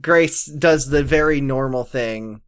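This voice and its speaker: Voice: medium pitch, takes it slowly, clear, resonant tone. Podcast co-host, casual chat, giggly, playful, silly voices. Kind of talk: casual chat recapping a TV show.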